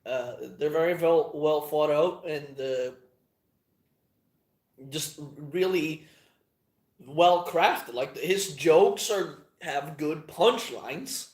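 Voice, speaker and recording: A channel host with a somewhat high, slightly mellow voice rambles through a casual monologue in an echoey room. He swears often, meanders, and halts a lot, trailing off with plenty of fillers.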